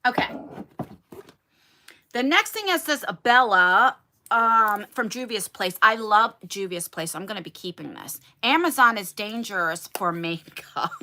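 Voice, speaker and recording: A woman chatting casually with viewers during a livestream, animated and talkative, speaking from a converted attic bedroom. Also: mid-range voice. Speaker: beauty YouTuber.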